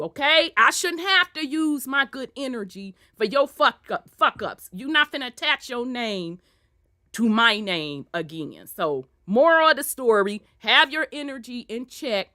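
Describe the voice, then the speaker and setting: Animated Southern woman with a bright voice. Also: high voice, unhurried, no room sound, clean studio sound. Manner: loud, animated storytelling with profanity. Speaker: host. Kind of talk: casual chat.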